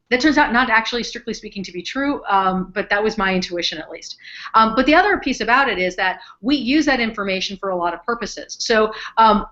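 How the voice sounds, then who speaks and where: A woman, a psychology professor from the northern United States, explaining her research in a chatty, lively way with many ums. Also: a little high, muffled recording. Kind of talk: explaining research in an online chat.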